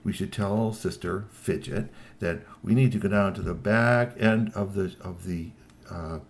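A man voicing a scheming human hiding among trolls, talking low and hushed. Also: a little slow. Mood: plotting.

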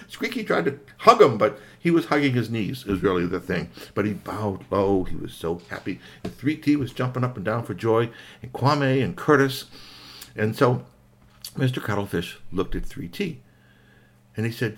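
An older man telling a bedtime story to children, animated, with playful sound effects. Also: on the low side, normal speed.

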